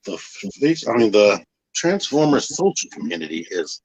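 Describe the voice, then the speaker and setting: A man speaking as a guest in a casual chat, relaxed and nonchalant, with dry sarcasm. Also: on the low side, moderate pace, husky, no room sound. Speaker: guest creator. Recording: dull lo-fi audio.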